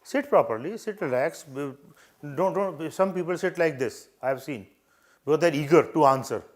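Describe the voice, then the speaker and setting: A man's voice: on the high side, animated, moderate pace. An older man from India coaching interview candidates in a live session, earnest and repetitive, often acting out greetings and gestures. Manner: earnest, repetitive advice with demonstrations.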